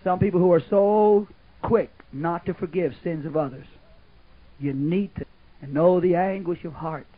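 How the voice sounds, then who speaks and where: A man's voice: high voice, a little slow. An older man preaching a folksy, rambling sermon at a camp meeting. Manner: folksy, rambling, sudden shouts and laughs. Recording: muffled lo-fi old tape, narrow band.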